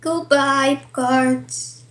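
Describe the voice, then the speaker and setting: A woman's voice: high voice, fairly even intonation, very slow, a bit bright. A woman playing a card game as a guest, answering in short, smug, dry lines during casual banter. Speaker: guest player. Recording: roomy echo.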